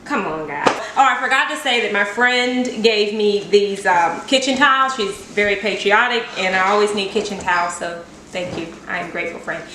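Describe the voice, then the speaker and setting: A woman's voice: medium pitch, normal speed, background noise. Chatty woman in an echoey kitchen. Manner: chatty and playful, self-deprecating. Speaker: cooking vlogger. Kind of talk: casual cooking demo chat. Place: home kitchen. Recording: echoey kitchen, mic at a distance.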